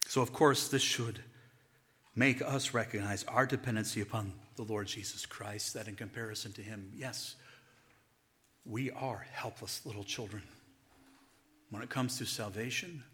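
A man's voice: on the low side, steady tone, moderate pace, fairly bright tone. A man preaching a sermon, who sometimes drops to a whisper and chuckles between points. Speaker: pastor.

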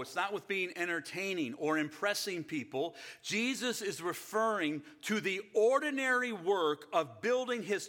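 A middle-aged pastor preaching an earnest sermon and asking the congregation rhetorical questions. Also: male voice, high-pitched, bright, forceful tone.

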